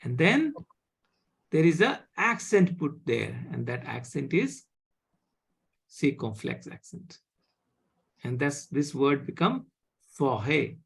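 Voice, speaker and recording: A man teaching a live online French class, halting with many fillers and often asking "okay?". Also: on the high side, sing-song, gravelly, slightly rough.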